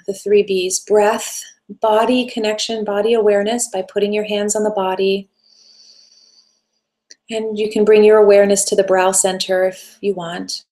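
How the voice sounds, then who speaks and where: A woman hosting a live self-help session, answering viewer questions in a gentle, coaching way with long flowing sentences. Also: medium pitch. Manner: gentle, coaching, speaks in flowing run-on phrases.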